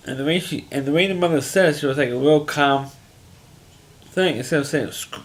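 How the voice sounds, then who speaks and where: A man's voice: on the high side, fairly quick. A man casually recapping a TV episode in a rambling monologue, restarting his sentences often. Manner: rambling, frequent restarts and fillers, plain-spoken. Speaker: TV episode reviewer.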